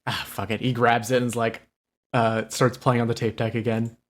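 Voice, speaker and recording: A man's voice: mid-range voice, little pitch movement, moderate pace. A man playing a tabletop game, casually narrating his character's actions with many fillers. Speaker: player.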